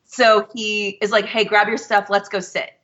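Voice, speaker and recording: A woman with a bright, forceful voice tells her story in an animated way and acts out what others said. The sound is dull and lo-fi. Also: mid-range voice, normal speed. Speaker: guest. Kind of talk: casual storytelling.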